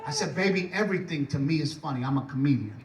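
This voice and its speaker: A man from Texas working a comedy club stage with a high, rowdy voice, swearing freely and breaking into shouted impressions. The sound is roomy and echoey, caught from a mic some distance away, and loud crowd laughter keeps rolling under his set. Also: expressive, fast talker, heavy background noise. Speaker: stand-up comedian. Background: loud audience laughter.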